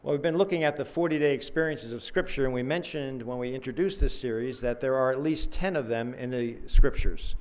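A man preaching a sermon series, earnest and measured, pausing often with fillers as he explains scripture. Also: medium pitch, clean tone.

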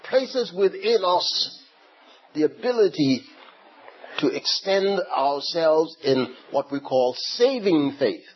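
Guy preaching slow and lively, stumbles over words a bit, dull muffled recording. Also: medium pitch, slightly rough. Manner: slow, animated storytelling with repeated words. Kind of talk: sermon. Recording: dull lo-fi recording with faint ambience.

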